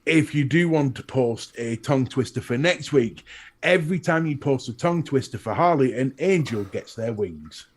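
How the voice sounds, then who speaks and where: A man's voice: mid-range voice, moderate pace. A man with a Northern English accent co-hosting a live stream, cheeky and sweary as he teases his co-hosts. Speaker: co-host. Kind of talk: casual live-stream chat.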